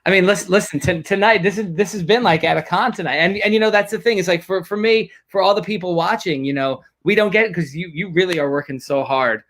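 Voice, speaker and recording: A man hosting an interview in relaxed casual chat, with fillers and friendly agreement. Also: high voice, fast, hardly any pauses. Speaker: interview host.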